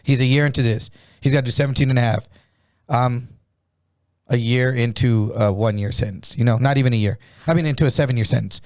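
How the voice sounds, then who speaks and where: A man's voice: mid-range voice, brisk, darkish tone, no echo, clean studio sound. A middle-aged man telling a slangy, profanity-laced story in a casual podcast chat. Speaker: comedian guest.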